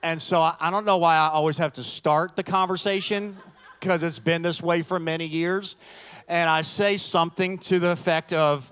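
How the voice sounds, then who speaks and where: A man's voice: a little high, moderate pace, smooth. A middle-aged male pastor preaching a sermon, telling stories with humor and acting out the voices of the people in them. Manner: storytelling, animated, acts out quoted voices, self-deprecating humor.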